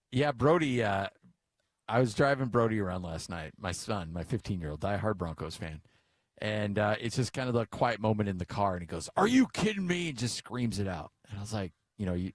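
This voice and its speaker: Dry-sounding middle-aged American radio host. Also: male voice, on the low side, fairly quick, no room sound. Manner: chatty, storytelling, joking. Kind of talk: casual sports talk.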